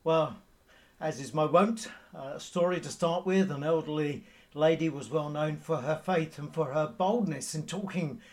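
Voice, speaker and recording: A man preaching a sermon in a measured, halting way, with frequent pauses and fillers. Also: a little high.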